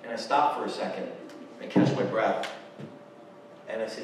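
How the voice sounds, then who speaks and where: A man's voice: on the low side, steady tone, a little hiss or hum. Male keynote speaker, emotional personal storytelling, distant mic, big reverberant room, faint ambience. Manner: heartfelt, emotional, halting. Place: lecture hall or stage. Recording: roomy hall from far off.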